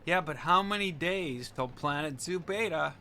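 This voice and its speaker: A man's voice: a little high, expressive, normal speed, pushed and bright, a little hiss or hum. A man chatting casually to his viewers while streaming a game, rambling with asides and sounding tired and yawning. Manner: rambling and chatty, talking to chat, with laughs and trailing asides. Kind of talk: casual live-stream chat while playing.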